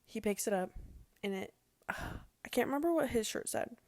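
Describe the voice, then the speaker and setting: A woman's voice: on the high side, lively intonation, moderate pace, a little mellow, dry recording. Brief: chatty young woman, dry close sound. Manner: chatty and emotional, says "like" often. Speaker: vlogger. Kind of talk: casual personal storytelling.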